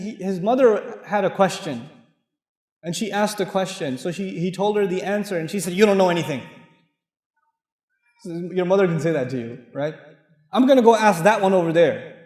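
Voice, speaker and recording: Animated man lecturing in an echoey hall. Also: high-pitched. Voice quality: animated, jokey storytelling with laughs. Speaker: preacher. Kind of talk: lecture on the Quran.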